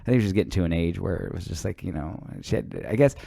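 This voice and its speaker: A man's voice: deep voice, lively intonation, fast talker, gravelly, warm tone, no echo. A man, a teacher, co-hosting a casual podcast chat, telling stories with stammering restarts and casual swearing. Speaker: podcast co-host.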